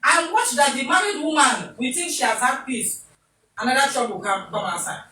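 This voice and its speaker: A woman's voice: high voice, lively intonation, normal speed, bright, forceful tone. A Nigerian woman presenting a talk show, speaking comically and mixing in pidgin as she acts out little scenes. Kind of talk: animated comic commentary. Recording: echoey room, distant mic, faint noise.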